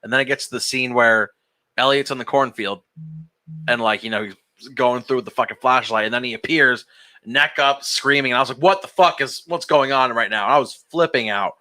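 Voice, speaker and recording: A man's voice: medium pitch, a little fast, sharp tone. A young man, a podcast co-host, telling a long story in casual group chat, swearing and laughing as he goes.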